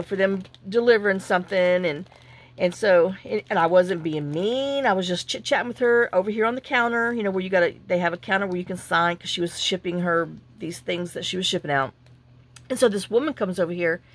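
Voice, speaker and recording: A woman telling a long, indignant story in a casual vlog, full of restarts and acted-out dialogue. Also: medium pitch. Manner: chatty and indignant, with many restarts and quoted dialogue. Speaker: journaling vlogger.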